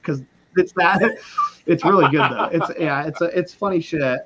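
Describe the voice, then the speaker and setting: A man's voice: fairly high pitch, moderate pace, muffled recording, background noise. A man who is a podcast guest, talking in a loose, rambling way, swearing freely and often trailing off and starting over. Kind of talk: casual chat.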